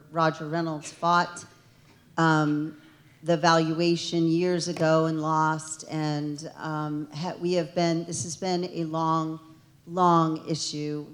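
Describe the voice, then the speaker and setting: Woman, lowish voice, state rep addressing a town hall; earnest, emotional, builds to emphatic points. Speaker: state representative. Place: township meeting hall.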